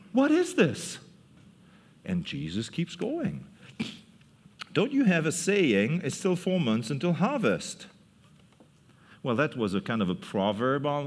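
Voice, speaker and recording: Lively male preacher, fairly high voice, big reverb. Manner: lively storytelling, laughs often, acts out voices. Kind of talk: sermon, animated Bible teaching. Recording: long hall reverb.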